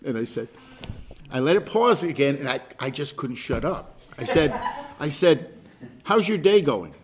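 A man, a pastor, leading a Bible study group, telling stories in a chatty, animated way with repeated words and laughs. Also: a little high, moderate pace, background noise. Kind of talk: casual group discussion and storytelling.

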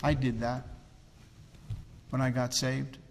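A man preaching a sermon as pastor, swinging between loud emphatic cries and hushed, low, drawn-out phrases. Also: level tone, vocal fry, in a large hall.

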